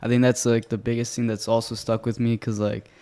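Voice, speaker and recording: A man talking as a guest on a podcast about sales, relaxed and hesitant, with many fillers. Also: medium pitch, a little fast, smooth. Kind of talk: casual podcast chat.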